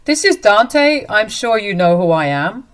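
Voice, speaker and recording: A woman's voice: medium pitch, sing-song, measured pace, pitched above the performer's own voice. A woman voicing a stern off-duty policeman who firmly confronts and accuses a man. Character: stern protective man, mother's boyfriend, off-duty cop.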